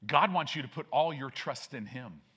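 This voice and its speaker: A man's voice: mid-range voice, animated, moderate pace, sharp tone, husky. A man preaching a sermon as pastor, emphatic and repetitive, with frequent restarts.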